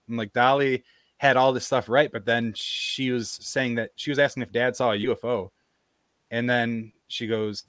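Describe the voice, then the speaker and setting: A man's voice: mid-range voice, fairly quick, dry recording. A man hosting a podcast, telling a story in casual chat and acting out what others said. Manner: animated storyteller, acts out quoted voices. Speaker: podcast host.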